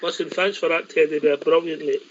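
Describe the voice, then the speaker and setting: A man's voice: on the high side, little pitch movement, fairly quick, over a noisy crowd. A man hosting a radio phone-in, thanking callers and wrapping up. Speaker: host. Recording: dull lo-fi sound.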